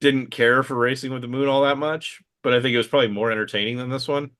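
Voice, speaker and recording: A man's voice: medium pitch, fairly even intonation, fast talker, fairly bright tone, clear, resonant tone. Man, late 30s, podcast co-host: hesitant, filler-heavy, dry-humored delivery. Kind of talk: casual chat.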